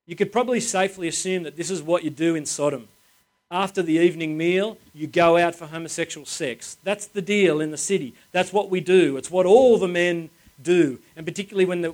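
A man preaching a sermon in an informal, chatty way, driving points home by repeating phrases. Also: a little high. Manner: emphatic, repeats phrases for stress.

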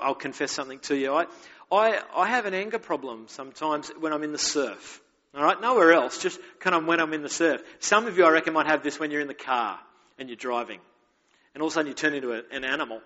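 A man's voice: on the high side, a bit bright. A man preaching a sermon as pastor, candid and conversational, telling stories with self-mocking humor. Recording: dull echoey hall recording.

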